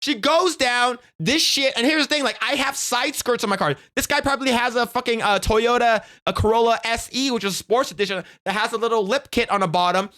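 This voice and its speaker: A man voicing an outraged male rideshare driver who rants in a profane, high-pitched and indignant way. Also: brisk, hardly any pauses, bright, forceful tone.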